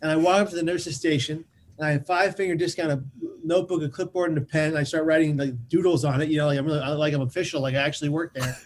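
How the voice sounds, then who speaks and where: A man tells a personal story as a podcast guest in an animated way. His voice is fairly high, and he often repeats words as he rushes ahead. Faint noise sits under the recording. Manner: lively, repeats words while rushing on.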